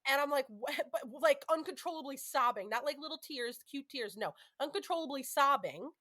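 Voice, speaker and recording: A chatty woman in her thirties with a slightly high voice, hosting a podcast. She talks candidly and loosely, with plenty of "like" and "you know". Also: lively intonation, fairly quick, pushed and bright. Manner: chatty, candid, frequent fillers. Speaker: podcast host. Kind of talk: casual chat.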